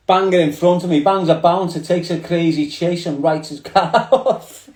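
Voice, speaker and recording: His voice sits high with a darkish tone and fairly even intonation as this Liverpool-accented host speaks at normal speed on a casual livestream. He rambles in street slang directly to viewers via his phone, in an echoey room.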